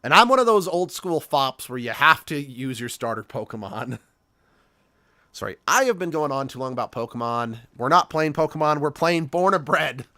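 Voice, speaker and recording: A man's voice: fairly high pitch, expressive, normal speed, sharp tone, no echo, clean studio sound. A man streaming a game, talking casually in a rambling, self-correcting way. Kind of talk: casual gaming commentary.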